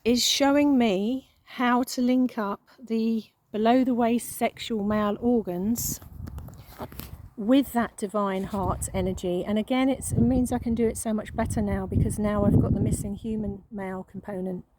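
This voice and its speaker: A woman giving an emotional spiritual monologue, halting and repeating words, with frequent sighs. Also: on the high side, steady tone, a little mellow, slight background noise, poor audio. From England. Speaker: spiritual channel.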